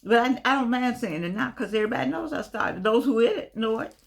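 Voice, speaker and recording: A woman's voice: fairly high pitch, lively intonation, quick pace, gravelly. An older woman talking casually to camera from her home, chatty and repetitive, calling her listeners "baby". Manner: chatty, repeats phrases, calls listeners "baby". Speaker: vlogger.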